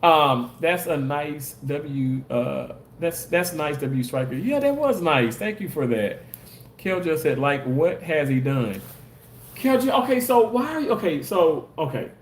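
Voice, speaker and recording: A man's voice: on the high side, big pitch swings, measured pace, reverberant, slight background noise. A man live streaming in a casual chat, reading viewer comments aloud and defensively arguing back at his critics. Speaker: live streamer and content creator.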